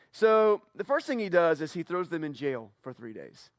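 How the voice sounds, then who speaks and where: A man preaching a casual sermon, retelling a Bible story playfully and acting out the characters in quick asides. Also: on the high side, big pitch swings, no echo, clean studio sound. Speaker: pastor. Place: church.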